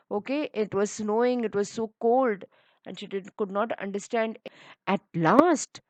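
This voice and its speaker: A woman's voice: medium pitch, a little mellow, dry recording. A woman teacher who reads a children's story aloud and then explains its words in simple terms.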